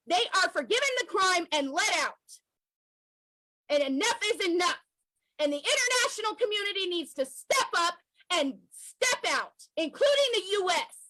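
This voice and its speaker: A woman's voice: extremely high pitch, pushed and bright, no room sound, low-quality recording. A woman giving an emotional, emphatic video commentary. She repeats her points for emphasis. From United States. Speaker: activist commentator.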